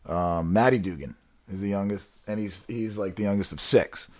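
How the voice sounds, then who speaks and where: Low-voiced man musing in casual chat. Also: normal speed. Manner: rambling, many fillers and restarts, asks questions. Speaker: conversation partner.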